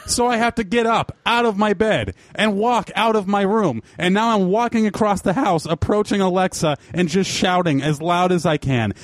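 A man's voice: sits high, no room sound. A man telling a rambling, profane story in casual podcast chat, mocking himself.

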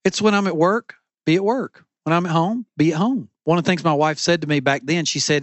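A man's voice: on the high side, fairly quick, hardly any pauses, dry recording. A middle-aged man preaching a sermon as pastor from a church stage, with an emphatic, repetitive cadence.

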